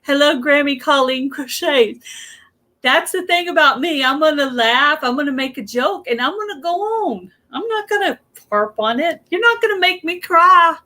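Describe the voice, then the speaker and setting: A woman's voice: high voice, animated, normal speed, sharp tone. A woman with a Southern American accent hosting a casual live chat, laughing and exclaiming as she talks, flustered. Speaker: livestream host.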